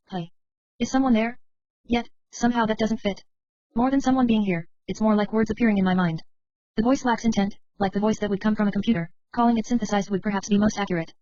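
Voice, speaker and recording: A woman narrating a novel in the first person at a quick clip, her voice pitched right in the middle. The recording is dry and a little muffled, with no room sound around her. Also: a little mellow, dry recording. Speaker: audiobook reader.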